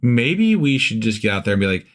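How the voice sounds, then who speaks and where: Rambling, animated man co-host. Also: lowish voice, fairly quick. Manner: rambling, hesitant, full of "like" and "you know". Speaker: podcast co-host. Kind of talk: casual comedic chat.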